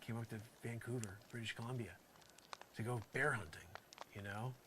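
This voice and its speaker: A man's voice: mid-range voice, steady tone, a little fast, background noise. A man doing an improvised comedy monologue, rambling with exasperated sarcasm and lots of filler phrases. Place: campsite, pretend outdoors.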